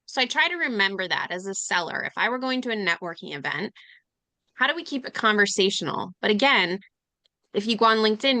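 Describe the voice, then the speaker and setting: A woman speaking as a panelist on a sales webinar, chatty and animated, acting out the voices of people she quotes. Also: mid-range voice, no echo. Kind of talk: casual webinar talk.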